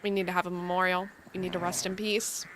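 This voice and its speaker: A woman's voice: fairly low pitch, flat delivery, quick pace, a bit bright, a little hiss or hum. A woman giving playful, teasing commentary as she plays a video game. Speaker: gaming video creator. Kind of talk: casual gameplay commentary. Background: faint game music.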